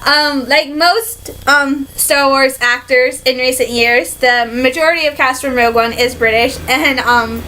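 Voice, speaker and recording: A young woman from Michigan recapping a fan convention in a casual vlog, excitable and rambling, full of fillers and "like", sometimes slipping into a put-on British accent. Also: high-pitched, unhurried, hardly any pauses, poor audio. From Michigan, USA. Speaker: vlogger.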